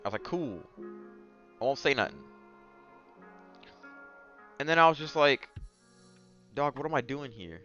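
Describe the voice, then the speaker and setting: A young man casually telling a dating story as a podcast host, moving between mumbled asides and loud outbursts. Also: medium pitch, measured pace, long pauses, lo-fi sound, soft background music. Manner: animated, swings from mumbling asides to yelling bursts.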